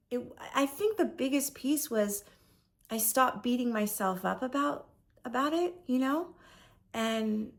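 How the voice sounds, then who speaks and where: A woman's voice: a little high, gravelly. A woman in her forties talking earnestly in a reflective video journal, often trailing off and restarting her thoughts. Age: 40s. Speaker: vlogger. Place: lives in Paris.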